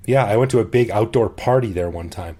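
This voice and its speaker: A man's voice: lowish voice, brisk, warm tone, breathy edge. A middle-aged man co-hosting a podcast, chatting casually and enthusiastically, often laughing and restarting phrases. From expat living in Bangkok. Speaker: podcast co-host. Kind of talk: casual chat.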